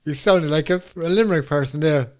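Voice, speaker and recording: A man's voice: a little high, fairly quick. A man with a Cork accent co-hosting a podcast, joking and bantering. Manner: jokey, laughing, banter. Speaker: podcast co-host. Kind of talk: casual chat.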